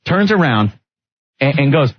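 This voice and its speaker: A man co-hosting a radio show, telling stories in an animated way and laughing often. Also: medium pitch, a little slow, dry recording. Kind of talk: casual radio banter. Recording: dull lo-fi radio broadcast.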